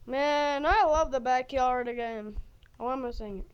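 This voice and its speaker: A woman giving excited gameplay commentary, jumping between loud outbursts and hushed whispers. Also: sits high, a little slow, muffled recording, background noise. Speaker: game player.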